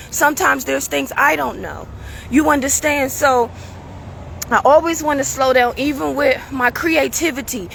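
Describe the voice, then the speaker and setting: A woman with a high, gravelly voice that sounds strained and tired, preaching casually to her viewers. Her tone is bright and forceful, and she keeps checking in with her listeners as she pushes through her talk. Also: slight background noise. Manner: preachy, casual, keeps asking "you understand?". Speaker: show host.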